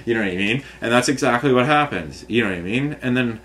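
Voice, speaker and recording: A man's voice: mid-range voice, lively intonation, fast talker, a bit bright. A man, ranting to camera in an agitated, rambling way with many fillers and restarts. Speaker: vlogger. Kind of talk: frustrated rambling rant to camera.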